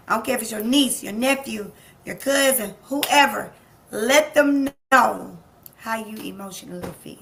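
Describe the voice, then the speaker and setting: A woman life coach hosts a live-streamed motivational talk, speaking emphatically, repeating key phrases, and addressing her audience directly. She laughs easily and chats with people in the room. Her voice is fairly high, gravelly, unhurried, and a bit bright, with a little hiss or hum.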